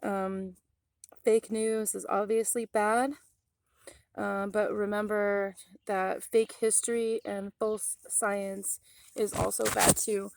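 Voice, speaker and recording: Chatty woman vlogger, dry sound. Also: no room sound. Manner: rambling, many ums, chatty asides to viewers; coos softly to an animal in a higher voice. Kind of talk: casual rambling vlog. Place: outdoors near a forest.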